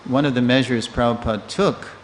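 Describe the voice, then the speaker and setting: An older man lectures in a temple hall, his voice carrying a long reverb over a faint hiss. He is a lively storyteller who slips into the voices of the people he quotes, with an ordinary mid-pitched tone. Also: brisk. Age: 60s. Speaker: lecturer giving a scripture class. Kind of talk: storytelling scripture class.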